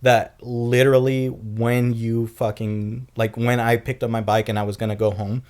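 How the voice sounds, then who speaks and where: Young male co-host, loose storyteller, heavy swearing, average pitch. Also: moderate pace. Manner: profane, animated retelling with acted quotes. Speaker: podcast co-host. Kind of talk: casual storytelling.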